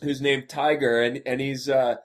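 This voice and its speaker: A man's voice: medium pitch, little pitch movement, normal speed. A man who is a guest on a podcast, flustered and stammering with many restarts in casual chat.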